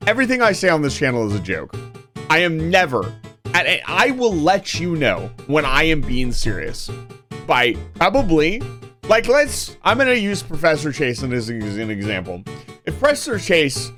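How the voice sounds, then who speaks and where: A man's voice: a little high, wildly swooping pitch, normal speed, a bit bright, soft background music. A young man streaming live, talking casually to his chat and swinging between mock-angry joking and earnest reassurance.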